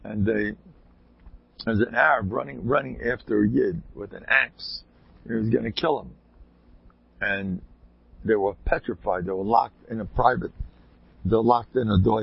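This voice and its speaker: A man's voice: on the low side, vocal fry, husky, dry recording, lo-fi sound. A man telling rambling anecdotes in a casual way, with sudden emphatic bursts.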